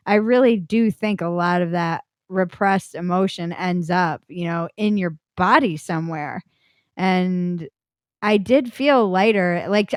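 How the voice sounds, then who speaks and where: A woman's voice: lowish voice, clear, resonant tone, no room sound, studio quality. Frank woman telling a personal story. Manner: frank and blunt, loose with fillers like "like". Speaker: podcast guest.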